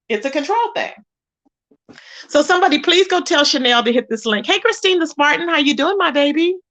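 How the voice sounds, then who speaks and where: A woman hosting a casual commentary livestream, chatting about online drama, greeting viewers by name in an animated way. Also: high-pitched. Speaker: YouTube commentary host.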